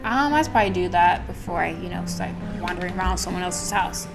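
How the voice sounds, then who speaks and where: A woman's voice: fairly low pitch, animated, quick pace, over music, low-quality recording. Casual woman thinking aloud over a game. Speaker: gaming channel host. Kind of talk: let's play commentary.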